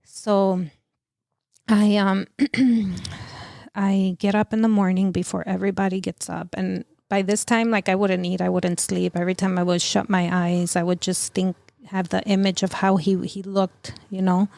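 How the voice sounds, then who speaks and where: A middle-aged woman telling of a personal loss as a podcast guest, in a halting, emotional way full of fillers and restarts. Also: medium pitch, flat delivery, creaky, darkish tone, dry recording. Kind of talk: personal testimony in an interview.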